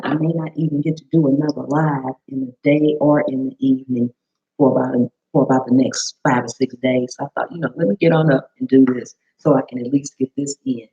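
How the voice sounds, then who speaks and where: Woman, live-stream cooking host, chatty and welcoming, slightly hoarse, muffled webcam audio. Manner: chatty, greets viewers by name, bursts into high excited greetings. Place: home kitchen.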